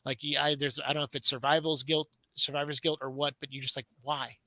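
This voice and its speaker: Bright, candid man on a podcast panel. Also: on the high side, level tone, no room sound, low-quality recording. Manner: candid, halting, many restarts. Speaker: host. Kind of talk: casual panel chat.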